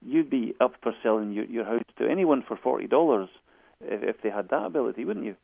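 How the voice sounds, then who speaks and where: Over a tinny phone line, a Scottish man who is a guest author tells stories in an interview, hesitating and frequently restarting or repeating words. His medium-pitched voice is creaky and husky, with lively intonation and a brisk pace, and there is no echo.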